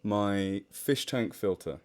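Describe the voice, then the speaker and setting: A slow, darkish, lowish-voiced British man with a hybrid British-American accent runs a laid-back charity livestream from his home and narrates stories. He's chatty, self-mocking and quick to laugh, reading the chat aloud. His desktop microphone sits near a fish tank.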